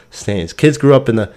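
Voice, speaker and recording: Male stream host, mid-pitched, very animated delivery, loose, cussing, exasperated storytelling. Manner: ranting, exasperated. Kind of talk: casual rambling monologue.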